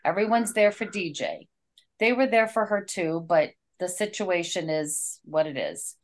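A woman's voice: fairly low pitch, expressive, measured pace. A woman co-hosting a casual talk, retelling a story in an earnest, heartfelt way.

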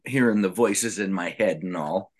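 A man co-hosting a casual talk, telling a story in a slow, drawn-out way. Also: sits low, a little mellow.

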